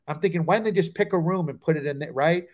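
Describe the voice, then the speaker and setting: With a fairly high pitch and a fast delivery, this middle-aged New Jersey comic spins tales from the road as a talk-show guest. He brings the stories to life by performing the voices of the people in them.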